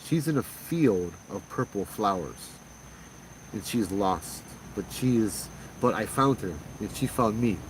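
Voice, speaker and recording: A man with a Hawaiian accent tells a ghost story in an easy, conversational way, slipping into the voices of the people in it. His voice sits on the low side and comes from a little way off the mic. A faint hum of crickets carries behind him. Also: a little slow. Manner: conversational, animated retelling with quoted voices. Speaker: paranormal storyteller. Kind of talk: casual spoken ghost story. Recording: distant mic with faint background noise.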